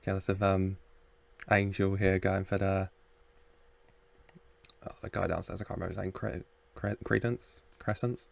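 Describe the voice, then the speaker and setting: A man's voice: sits low, flat delivery, moderate pace, creaky, long pauses. A man hosting a reaction video, chatting casually, laughing often and talking back to the screen.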